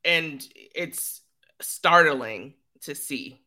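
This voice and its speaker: A woman's voice: deep voice, very slow, sharp tone. A woman co-hosting a TV recap podcast, speaking thoughtfully with some fillers. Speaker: podcast co-host.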